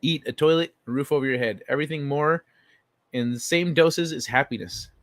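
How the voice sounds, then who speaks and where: A man's voice: a little high, fairly quick, fairly bright tone, no echo. A man hosting a casual livestream, reading chat messages aloud and answering them in a blunt, profane way.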